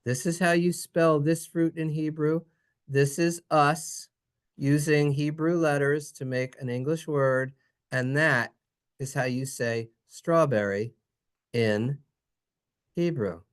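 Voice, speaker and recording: A teacher giving a playful, jokey Hebrew lesson over slides, in an animated, singsong voice. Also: mid-range voice, slow pace, clear, resonant tone.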